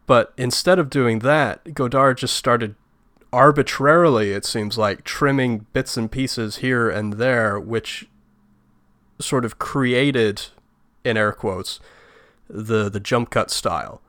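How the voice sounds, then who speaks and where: A man's voice: mid-range voice, slow pace, fairly bright tone, dry recording. A man co-hosting a film review podcast, talking bluntly with a sarcastic edge. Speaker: podcast co-host. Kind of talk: casual film review chat.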